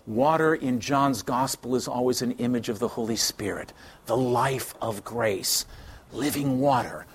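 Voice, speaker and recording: A middle-aged man giving a scripture lecture, reading passages aloud and commenting with lively asides. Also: mid-range voice. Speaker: Catholic teacher.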